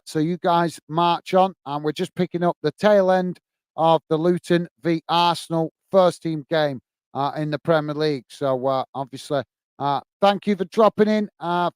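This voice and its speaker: With a darkish, clean voice on the high side and no echo, a man from the United Kingdom runs a football livestream. He provides live commentary on the match and chats with his audience, full of fillers and addressing everyone as "mate."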